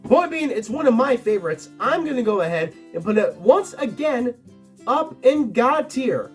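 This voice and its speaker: A man's voice: very high voice, normal speed. Young guy ranking movies, swoops all over, snarky and crude, faint music behind. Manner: animated, sarcastic, crude jokes. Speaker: tier list video host. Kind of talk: casual commentary ranking movies.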